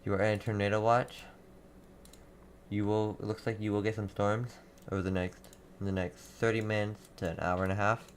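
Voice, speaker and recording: A young man hosting live storm coverage, reading out town after town and answering chat, halting and repeating himself. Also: on the low side, little pitch movement, slight background noise. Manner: rapid town-by-town updates, halting and repetitive. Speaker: livestream weather host.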